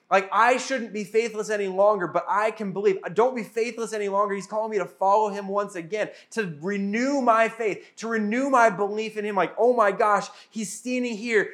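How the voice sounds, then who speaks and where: A man preaching a sermon in a casual, animated way, retelling scenes and acting out quotes. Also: high-pitched. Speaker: pastor.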